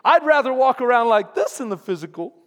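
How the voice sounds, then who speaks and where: A pastor preaching with a strikingly high-pitched male voice. He drives his points home emphatically and keeps calling out to the congregation. The sound rings with a long reverb, as in a church sanctuary. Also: animated, a little fast, fairly bright tone. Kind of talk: sermon.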